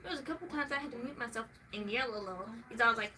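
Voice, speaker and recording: A young woman venting in a casual vlog, swearing freely and swinging from soft talk to loud shouting. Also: fairly high pitch, racing, a little hiss or hum, poor audio.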